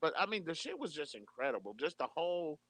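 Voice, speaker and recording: Guy cohosting a chat show, swears a ton, voice jumps all over, kinda high. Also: quick pace. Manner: animated storytelling, heavy profanity, acts out quotes. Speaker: podcast co-host. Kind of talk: casual chat.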